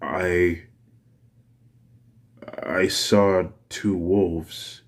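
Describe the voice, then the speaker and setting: Man doing a worried teenage boy, hesitant, earnest, low voice, storybook. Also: flat delivery, drawn-out words, exaggerated voice.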